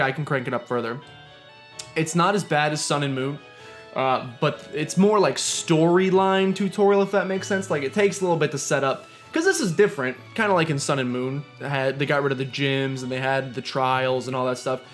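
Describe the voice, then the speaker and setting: A man's voice: on the high side, moderate pace. A young man streaming a video game, joking and ranting as he plays and sometimes reading the game's lines aloud. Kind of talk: casual gameplay commentary. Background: game music.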